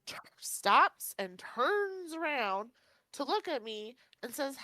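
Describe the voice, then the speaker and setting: A woman's voice: high voice, big pitch swings, slow, bright, forceful tone, no echo. A woman co-hosting a podcast, telling a story in casual chat, laughing often and acting out other people's lines. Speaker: podcast co-host.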